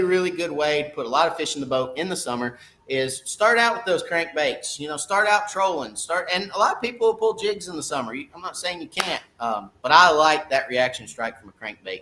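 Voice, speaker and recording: A man's voice: a little high, animated, a little fast, bright, forceful tone. A middle-aged man, a fishing guide talking casually on a live stream, folksy and repeating "okay?" to his viewers.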